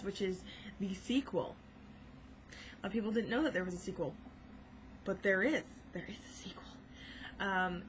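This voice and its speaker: A woman's voice: mid-range voice, bright, forceful tone, a little hiss or hum, poor audio. A young woman vlogging in casual chat, rambling and gushing with lots of fillers.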